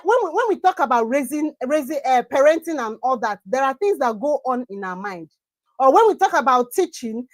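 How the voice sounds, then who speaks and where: A woman with a notably high voice gives an emphatic, sermon-like talk to parents and teachers. She drives her points home by repeating phrases. The sound is dry and close, with no room echo. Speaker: conference speaker on parenting. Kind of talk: preaching-style motivational talk.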